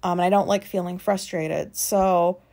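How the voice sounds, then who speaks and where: A woman's voice: on the low side, fairly even intonation, normal speed, creaky, warm tone. Woman in her thirties, solo podcast host, rambling, casual, swears freely, plenty of ums and likes, recorded at home. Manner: casual, frank, swears freely, lots of fillers. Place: home, sitting in a recliner.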